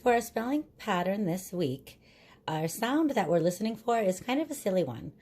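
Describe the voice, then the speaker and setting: A woman teacher giving a recorded phonics lesson to young children, patiently sounding words out slowly. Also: mid-range voice, big pitch swings, darkish tone, slightly rough.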